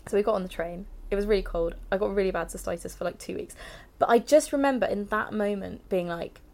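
A woman's voice: mid-range voice, quick pace, gravelly, a little mellow. A young woman, telling a personal story frankly in an interview, filling her talk with "like" and laughing here and there. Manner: frank, heavy use of "like", laughs while talking. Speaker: interview guest.

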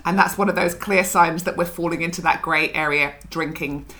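A middle-aged woman from Scotland speaks as a podcast guest, candid and reflective, with a slightly low voice. Her tone is bright and forceful, and she tells her story in an open, conversational way. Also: fairly even intonation, moderate pace. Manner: reflective, frank, laughs through her story.

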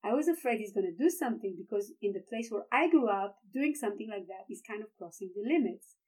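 A woman's voice: mid-range voice, fast talker, low-quality recording. A woman in her thirties from Israel with an Israeli accent, a tour guide telling a personal story in an interview, emphatic and repeating words as she gets caught up. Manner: animated, emphatic, repeats words when excited.

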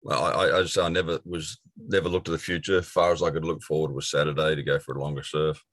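A man's voice: extremely low pitch, level tone, quick pace, a bit bright, no room sound. A middle-aged Australian man telling his life story earnestly as an interview guest, with many fillers and restarts. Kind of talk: personal testimony in an interview.

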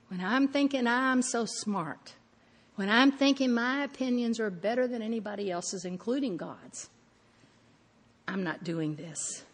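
A woman's voice: a little high, unhurried, long reverb tail. A woman preaching a sermon, telling stories animatedly and acting out her own thoughts.

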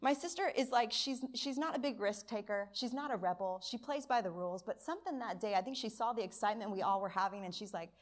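A woman preaches to her church, spinning a childhood story with animated, acted-out dialogue. Her voice sits at an ordinary middle pitch and carries the easy rhythm of a practiced preacher. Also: fast, hardly any pauses. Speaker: pastor. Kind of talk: sermon with personal story. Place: church service.

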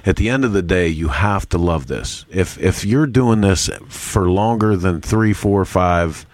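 Very deep-voiced laid-back host. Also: male voice, unhurried, no echo. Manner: relaxed, laid-back, says "dude" and "you know". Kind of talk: casual chat.

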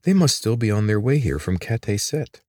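A sharp-tongued teenage girl, put on by a man reading a story aloud, blunt, sarcastic and quick to take offense. Her voice rides higher than his own and swings lively up and down. The sound is dry and close. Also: no room sound. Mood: brisk, impatient.

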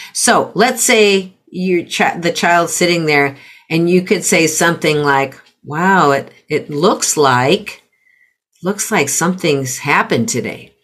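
A middle-aged woman coaching parents in conversation, calmly explaining with example phrases. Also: low-pitched. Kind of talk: conversational teaching.

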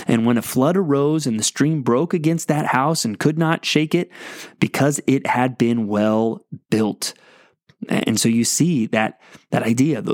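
A man delivers a sermon in an earnest, exhorting manner, often restarting his sentences as he pushes his point. His voice sits at an ordinary middle pitch. The sound is dry and close, with no room echo. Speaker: pastor.

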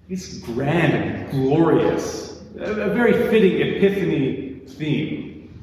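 A man's voice: a little high, expressive, takes it slowly, darkish tone, slight background noise. A man giving a conversational sermon as pastor, acting out what people in the story say. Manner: conversational, acts out quoted speech. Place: church sanctuary. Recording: echoey church from far off.

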